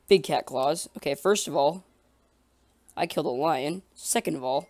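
Male gamer, casual let's-play chatter, excitable, slightly gravelly, dry close sound. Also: on the high side, measured pace, dry recording. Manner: excitable, talks to himself and the creatures in the game.

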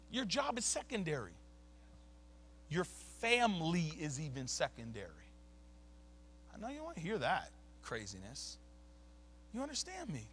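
Preaching in a church sanctuary, this pastor's voice sits high and sounds pushed, bright, and slightly rough. He delivers his sermon emphatically and conversationally, slipping casual slang in between points.

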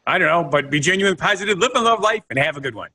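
Bright-voiced man explaining on a podcast. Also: on the high side, lively intonation, quick pace. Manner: explanatory, searches for words. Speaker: podcast co-host. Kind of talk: casual chat, reading out facts.

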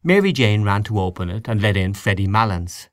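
A man reading a classic story aloud as audiobook narrator, measured and expressive. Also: fairly low pitch, no echo, clean studio sound. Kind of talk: scripted narration.

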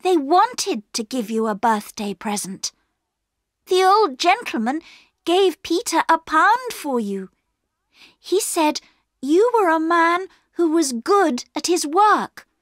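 A woman's voice: extremely high pitch, very animated, slow, a bit bright, no echo, clean studio sound, pitched above the performer's own voice, heavily acted. A woman voicing an earnest young girl who pleads eagerly, in a storybook reading. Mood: pleading.

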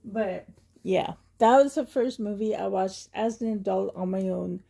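A woman's voice: medium pitch, unhurried, gravelly, warm tone, husky. A woman from Canada vlogging in a chatty, rambling way, often laughing and getting emotional. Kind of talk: casual chatty tag video.

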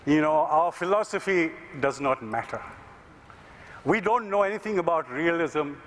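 This man from India has a fairly high, expressive voice at normal speed, with a little hiss or hum on the recording. Speaking at a conference, he tells a story in an earnest, conversational way, leaning often on "you know."

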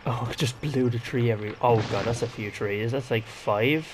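A man's voice: mid-range voice, moderate pace. Young guy, gaming vlog chatter, talks to himself, mid-range voice, noisy hissy recording. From Ireland. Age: 20s. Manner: rambling, exclaiming, talks to himself. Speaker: gaming vlogger. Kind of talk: casual gameplay commentary.

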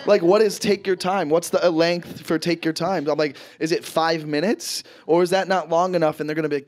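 A man performing a stand-up comedy set, telling stories animatedly and swearing freely, his voice jumping high and loud when he acts panicked. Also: fairly quick. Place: stage in front of a live audience. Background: audience laughter.

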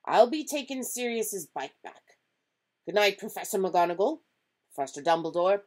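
A woman voicing a big, shaggy, tearful half-giant man who sobs loudly in a rough voice. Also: medium pitch, very animated, moderate pace, voice pushed up, lightly acted.

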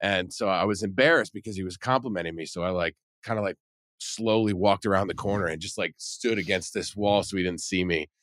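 A man with a very deep voice tells a rambling story and acts out what people said along the way. He speaks close to the mic in a dry space, in the manner of a podcast regular. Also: fairly quick, a bit bright, no room sound. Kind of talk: casual anecdote telling.

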